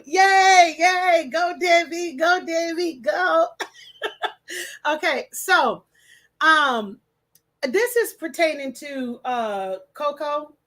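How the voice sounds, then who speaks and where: A woman's voice: sits high, fairly bright tone. A woman hosting her livestream at home, chatting casually, greeting viewers and stumbling over names as she reads comments. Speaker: livestream host. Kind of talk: casual livestream chat, reading comments aloud.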